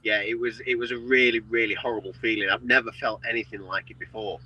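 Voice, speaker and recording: A man's voice: fairly low pitch, fairly even intonation, fast, breathy edge, muffled recording. A man, a paranormal investigator, speaking earnestly in short, plain sentences on a live chat. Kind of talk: casual chat.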